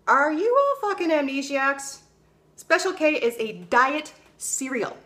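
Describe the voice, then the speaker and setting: Blunt, animated young woman vlogger. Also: sits high. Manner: blunt, swears freely, animated storytelling. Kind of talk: casual opinion vlog.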